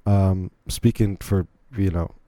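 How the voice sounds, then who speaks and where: A man's voice: low voice, steady tone, takes it slowly, dark tone, no room sound. A man hosting a podcast, giving incredulous, rambling play-by-play commentary on a video in a casual way. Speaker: podcast host.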